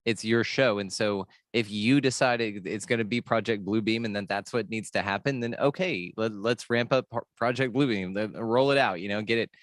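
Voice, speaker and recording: A man's voice: fairly low pitch, moderate pace, hardly any pauses, dry recording, clean studio sound. An American man hosting a casual spiritual conversation, talking in an earnest, rambling way with the odd swear word. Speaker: podcast host.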